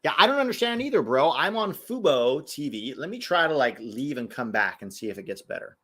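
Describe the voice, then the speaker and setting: A man's voice: mid-range voice, sing-song, a little fast, fairly bright tone, breathy edge. An American man hosting a live football watch-along, chatting casually with viewers and exclaiming at every chance. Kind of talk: live casual match commentary and chat.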